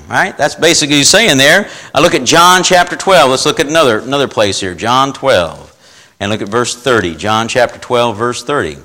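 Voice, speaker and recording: A man's voice: mid-range voice, expressive, moderate pace, bright, forceful tone, rough recording. A man preaching an informal sermon, reading scripture aloud and talking in a folksy, repetitive way, often asking his listeners questions.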